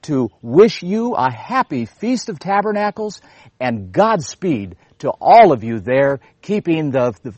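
Speaking at a measured pace in a slightly high, sing-song, somewhat mellow voice, a religious TV host makes an earnest, long-winded appeal to viewers with repeated restarts. There's no room sound.

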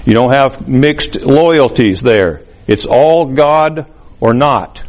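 A man preaching a sermon, explaining scripture in a measured, teaching way. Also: medium pitch, expressive, poor audio. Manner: measured, explanatory, reads scripture aloud with emphasis. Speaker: pastor.

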